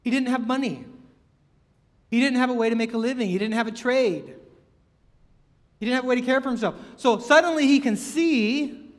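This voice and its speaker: A man's voice: extremely high pitch, normal speed, long pauses, in a large hall. A man preaching a sermon in a conversational way, full of rhetorical questions and acted-out quotes.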